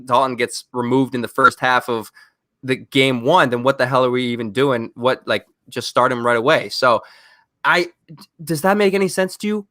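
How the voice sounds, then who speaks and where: A man co-hosting a podcast, ranting in an animated, exasperated way during casual chat. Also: medium pitch, normal speed, dry recording, clean studio sound. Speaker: podcast co-host.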